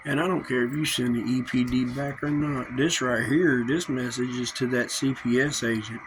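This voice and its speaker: A man's voice: medium pitch, noisy background. A man delivering an angry, confrontational vlog rant, full of threats and repetition. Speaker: vlogger. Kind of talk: angry direct-to-camera rant.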